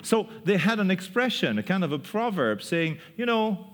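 A man preaching a sermon, telling the story in a lively way, often laughing and acting out the people in it. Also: high-pitched, moderate pace, few pauses. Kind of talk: sermon, animated Bible teaching. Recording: long hall reverb.

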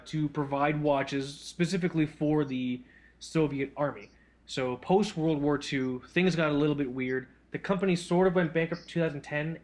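A man with a slightly higher voice than most, co-hosting a loose podcast chat. He rambles through his story, swears freely, and pokes fun at himself. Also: darkish tone. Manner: rambling, profane, self-deprecating storyteller. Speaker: podcast co-host. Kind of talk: casual chat.

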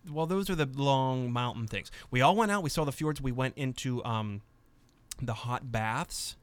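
A man's voice: mid-range voice, moderate pace, clean tone. A man hosting a casual comedy podcast, rambling and cutting himself off mid-sentence as he jokes with his co-hosts. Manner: rambling, self-interrupting, joking. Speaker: podcast host.

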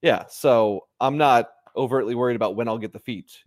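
A man co-hosting a podcast, rambling in relaxed casual chat and often restarting his sentences. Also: medium pitch, normal speed. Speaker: podcast co-host.

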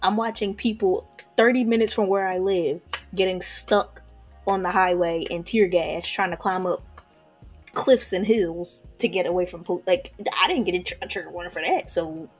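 A woman's voice: on the low side, moderate pace, breathy edge, soft background music. A woman co-hosting a casual chat podcast, emphatic and blunt. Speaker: podcast co-host.

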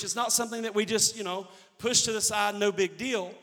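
A man's voice: sits high, fairly even intonation, brisk, a bit bright, long reverb tail, some chatter behind. A man in his thirties preaching a sermon as a church pastor, emphatic and repeating key phrases. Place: church sanctuary.

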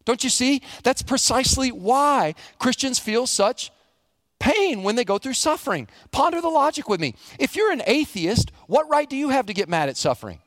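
A middle-aged man, a pastor preaching a sermon, animated, acting out the quotes he reads. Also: very high voice, moderate pace, dry recording, clean studio sound.

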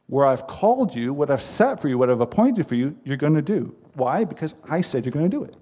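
A man's voice: a little high, very animated, a little fast, mellow, husky. A man preaching a sermon as pastor, earnest and emphatic, with repeated phrases.

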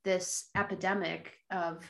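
A woman's voice: fairly low pitch, level tone, unhurried, creaky. A woman hosting a podcast interview, responding with effusive admiration. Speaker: podcast host.

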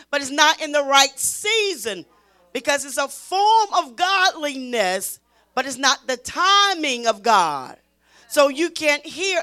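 In a high voice, a woman teaches a Bible study in an emphatic preaching style, repeating phrases and pushing her voice toward a shout.

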